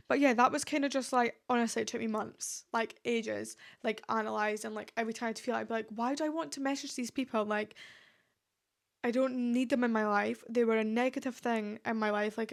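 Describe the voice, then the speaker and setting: Woman, podcast host, casual rambling chat, slightly high and gravelly, lots of fillers. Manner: chatty, rambling, heavy use of "like" fillers. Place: at home. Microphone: podcast microphone.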